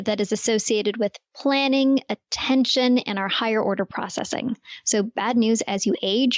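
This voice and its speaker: A woman's voice: medium pitch, darkish tone, no echo. Woman explaining neuroscience in a dry, dull recording. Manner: clear, explanatory, uses everyday analogies. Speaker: neuroscientist guest. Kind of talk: podcast interview, explaining.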